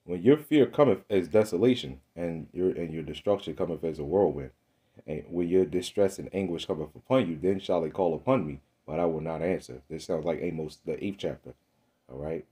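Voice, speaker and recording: A man's voice: deep voice, brisk, mellow. A man preaching an informal sermon, fiery and rhetorical, constantly checking in with "right?" and "man.". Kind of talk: informal street-style sermon.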